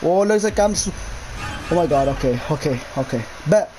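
A man's voice: fairly high pitch, lively intonation, normal speed, dark tone, a little hiss or hum, poor audio. A young man commentating his own gameplay of a horror map, jumpy, swearing a lot and yelping at scares. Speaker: gamer.

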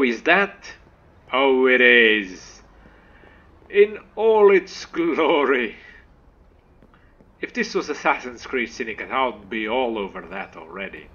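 Guy doing slow lively game commentary, bright voice, hums along, kinda dull lo-fi mic with faint music. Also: medium pitch, husky. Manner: chatty, excitable, hums and sings to himself. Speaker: let's play host. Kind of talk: gameplay commentary.

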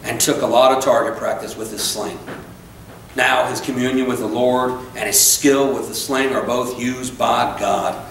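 A man's voice: mid-range voice, fairly even intonation, moderate pace, gravelly, a bit bright, a little hiss or hum. A man preaching a sermon with fervent exhortation and casual, joking asides to the congregation. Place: church sanctuary. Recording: echoey church captured from far off.

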